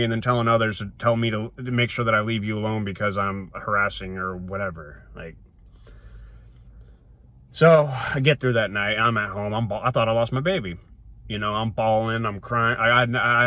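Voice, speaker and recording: A man's voice: fairly low pitch, pushed and bright. A man telling a personal story to a phone camera from inside his car, rambling and emphatic, with frequent restarts. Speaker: vlogger.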